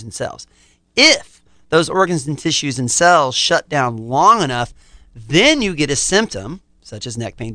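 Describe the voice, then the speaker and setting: A man's voice: a little high, pushed and bright, dry recording. A middle-aged man, a chiropractor, explaining his practice confidently in a podcast interview. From United States.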